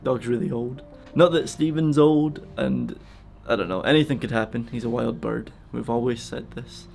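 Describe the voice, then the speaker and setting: Soft-spoken man, gravelly and teary. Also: medium pitch, steady tone, soft background music. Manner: soft, emotional, halting with fillers. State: close to tears. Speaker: vlogger feeding a wild bird. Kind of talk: casual heartfelt vlog talk.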